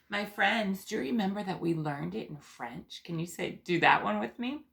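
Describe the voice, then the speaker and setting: A woman teaching preschoolers, speaking slowly and gently with lots of encouragement. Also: fairly low pitch, expressive, creaky. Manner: slow, gentle and encouraging, sings call-and-response songs. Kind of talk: teaching young children on video.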